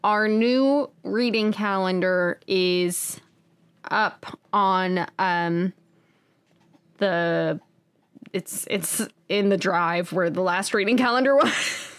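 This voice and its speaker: Slow-talking woman podcast co-host. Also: mid-range voice, clear, resonant tone. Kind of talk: casual chat.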